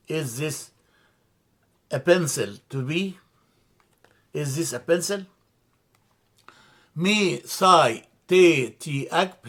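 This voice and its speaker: A man teaching a grammar lesson, explaining step by step, spelling out letters, repeating words and often pausing to correct himself. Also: fairly high pitch. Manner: frequent hesitations and self-corrections. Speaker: language teacher.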